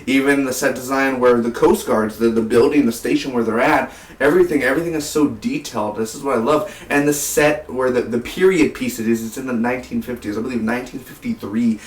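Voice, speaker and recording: A man's voice: mid-range voice, steady tone, fairly quick. A man giving a rambling, casual movie review for his vlog, full of fillers and repeated "man". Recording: roomy, distant from the mic.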